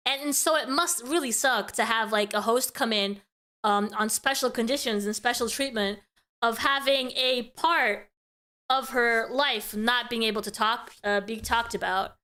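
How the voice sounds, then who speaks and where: A woman with a high, bright voice talks through her commentary in a loose, conversational way. She keeps checking in with her listeners as she goes. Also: unhurried. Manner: chatty, keeps asking "right?". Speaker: commentary host. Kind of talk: casual commentary.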